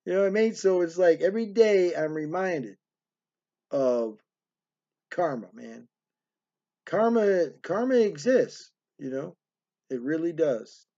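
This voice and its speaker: A man's voice: on the high side, lively intonation, slow pace, long pauses, mellow, dull audio. A middle-aged man telling stories from his life in a rambling, streetwise way, recorded in a hotel room. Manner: rambling, streetwise, peppers lines with "man" and "right". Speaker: storyteller. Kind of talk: casual storytelling monologue.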